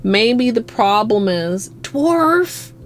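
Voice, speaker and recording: A woman from Minnesota with a Minnesotan accent, chatting softly and rambling to her livestream chat. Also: on the low side, takes it slowly. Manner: soft-spoken and rambling, talking to chat. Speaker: nail art streamer.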